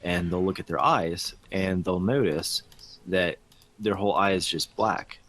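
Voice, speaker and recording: A man's voice: deep voice, unhurried, fairly bright tone. A man on a casual podcast, telling a story in a meandering way with many fillers. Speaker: podcast co-host.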